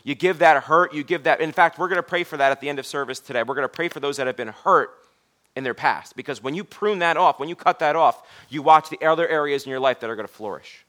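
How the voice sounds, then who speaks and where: A man's voice: on the high side, fast talker. A man preaching a sermon in church, in a conversational way, often repeating his words. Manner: conversational, repeats words, drops to a soft voice for quoted lines.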